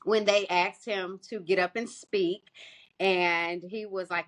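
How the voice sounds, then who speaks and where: Bright-voiced animated woman telling a story. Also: a little slow. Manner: animated, laughs often, voice jumps high for quoted people. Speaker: podcast co-host. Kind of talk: casual storytelling chat.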